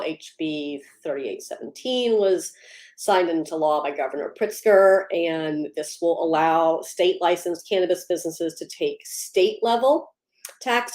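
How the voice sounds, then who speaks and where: A woman's voice: on the low side, animated, measured pace, a little mellow, roomy sound. A woman hosting a casual livestream, upbeat, greeting viewers by name and laughing easily between policy updates. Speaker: livestream host.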